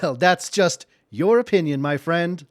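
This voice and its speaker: A man running a tabletop role-playing session, speaking in a somewhat high voice full of fillers and restarts. The recording is dry and close, with no room sound. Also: lively intonation, measured pace, dry recording. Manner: filler-heavy, rambling. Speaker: game master. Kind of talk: narrating a tabletop game.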